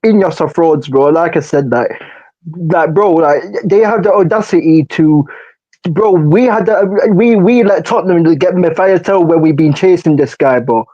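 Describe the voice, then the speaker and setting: A man with a high, mellow voice rants about his football club, circling back and repeating himself with plenty of slang. His podcast audio sounds dull and lo-fi. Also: normal speed. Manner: ranting, repeats phrases, slangy. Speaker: podcast co-host. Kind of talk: casual football chat.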